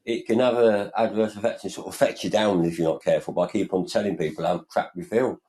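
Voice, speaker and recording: A man co-hosts a podcast in casual chat. His voice sits low and warm, and he talks in an earnest, meandering way, circling back on his own points. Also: fairly even intonation, quick pace, low-quality recording. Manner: earnest, rambling, often says "you know" and "like". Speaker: podcast co-host.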